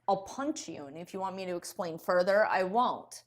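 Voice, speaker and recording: A woman's voice: on the low side, expressive, normal speed. A woman co-hosting a casual livestream, playful and teasing, laughing often. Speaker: livestream co-host.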